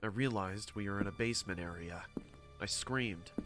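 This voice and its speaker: A man narrating a horror story in a steady, dramatic scripted telling. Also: on the low side, moderate pace, soft background music.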